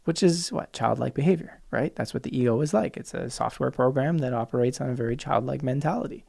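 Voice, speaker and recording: Gravelly, fervent man podcasting solo. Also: medium pitch, moderate pace, dark tone. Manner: passionate, emphatic, quotes opposing views in mocking voices. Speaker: podcast host.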